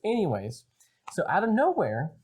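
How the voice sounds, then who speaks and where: Animated young man telling a rambling story. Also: high voice, normal speed, a crowd in the background. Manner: rambling storyteller, swears a lot. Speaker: podcast co-host. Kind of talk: casual chat.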